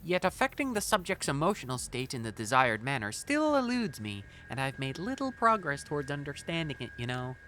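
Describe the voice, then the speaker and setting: A man voicing a curious, analytical hologram researcher in a formal, measured manner. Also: a little high, big pitch swings, bright, forceful tone, soft background music. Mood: inquisitive.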